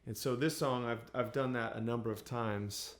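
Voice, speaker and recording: A singer-songwriter chatting in a relaxed, unhurried way, with many pauses and fillers. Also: male voice, mid-range voice. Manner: soft, unhurried, with many ums and restarts. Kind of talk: relaxed storytelling between songs.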